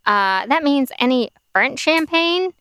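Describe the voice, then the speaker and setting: A woman's voice: high voice, animated, slow pace, pushed and bright, no room sound. A woman co-hosting a casual podcast and presenting drinks news, a little tipsy from wine and talking in a chatty, filler-filled way. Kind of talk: casual chat.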